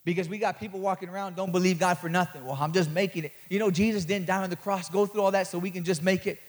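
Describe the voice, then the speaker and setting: A young man preaching a sermon, building to loud peaks, repeating the starts of his words and joking with the crowd. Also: sits high, fairly even intonation, fast. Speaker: guest preacher.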